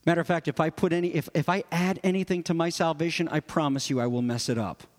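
A male pastor preaching, earnest and emphatic, his voice sitting high for a man. Long reverb from a large church sanctuary trails his words. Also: fairly even intonation, fast talker. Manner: emphatic, earnest, explanatory, with repeated rhetorical stress. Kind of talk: sermon.

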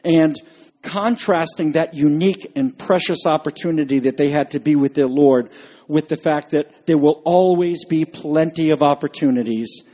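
A man's voice: fairly high pitch, normal speed, warm tone. A man preaching a sermon as pastor, emphatic and conversational, with asides to his congregation.

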